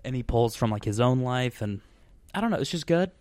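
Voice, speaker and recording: A man of middle pitch hosts a casual podcast chat. He rambles, starts over and leans on fillers as he searches for words. The sound is dry and close, with no room echo. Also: lively intonation, brisk, a little mellow. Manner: rambling, full of fillers and restarts. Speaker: podcast host.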